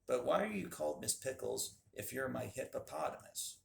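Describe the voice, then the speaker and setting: A man voicing an excitable little girl in a storybook reading, in an echoey room. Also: mid-range voice, moderate pace, gravelly, a little hiss or hum. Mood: surprised.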